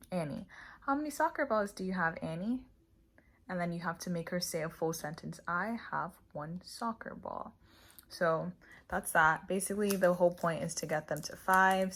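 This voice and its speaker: A young woman casually explaining online teaching tips, acting out slow, clear classroom phrases. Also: fairly low pitch, a bit bright, slight background noise. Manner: chatty, demonstrates teacher phrases slowly and clearly. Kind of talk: casual tutorial vlog.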